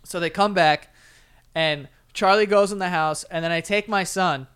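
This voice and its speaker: A man's voice: high-pitched, normal speed, fairly bright tone, clean tone. A man co-hosting a podcast, telling a story in casual chat, acting out voices and laughing. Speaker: podcast co-host.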